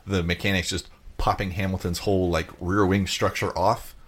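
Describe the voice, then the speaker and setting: Deep-voiced podcast guy. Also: little pitch movement, moderate pace. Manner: chatty, lots of likes, dry corrections. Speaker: podcast co-host. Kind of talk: casual race recap chat.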